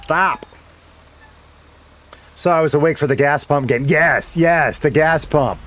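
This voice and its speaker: A man's voice: fairly high pitch, fairly quick, faint music behind. A middle-aged man, a former radio DJ, casually chatting with viewers while streaming a game, laid-back and swearing now and then.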